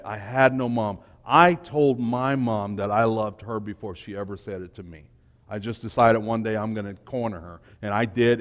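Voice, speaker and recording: A man giving an informal, emotional sermon to young people, swinging between quiet and loud. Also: on the low side. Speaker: speaker at a church youth talk. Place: church hall. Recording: long church hall reverb.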